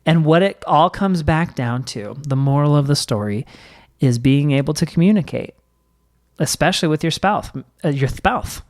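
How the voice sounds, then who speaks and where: A young man co-hosting a parenting podcast, explaining his views in an earnest, calm way. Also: a little high, normal speed. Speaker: podcast co-host. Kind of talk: casual chat about parenting.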